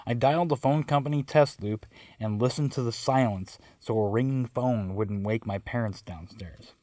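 A man narrates a story of his own in a wry, self-mocking way. His pitch sits in the middle, and the recording is dry and close. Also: normal speed, mellow, no room sound. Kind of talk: first-person storytelling.

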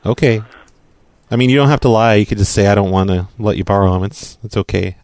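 Man, prank caller, deadpan, pushy, dry close sound. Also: fairly low pitch, fast, no room sound. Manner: pushy, deadpan, matter-of-fact. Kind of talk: prank phone call.

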